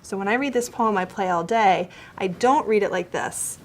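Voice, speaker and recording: A woman's voice: medium pitch, moderate pace, slight background noise. Patient woman coaching a young writer. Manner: patient, gentle, explaining step by step; encouraging. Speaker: writing teacher. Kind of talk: one-on-one writing coaching with a child.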